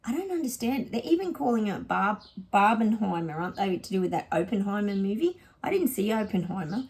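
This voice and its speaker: This Australian woman talks with a slightly husky, breathy voice that sits at an ordinary middle pitch for a woman. She is a psychic chatting to her viewers in a relaxed, rambling vlog reading, casually addressing them as guys. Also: brisk.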